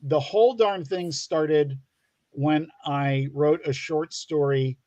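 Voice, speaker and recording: A man's voice: a little high, takes it slowly, warm tone, dry recording, dull audio. Man rambling about his comic book. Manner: rambling with many restarts and fillers. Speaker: comic book writer and guest. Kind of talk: casual chat on a livestream.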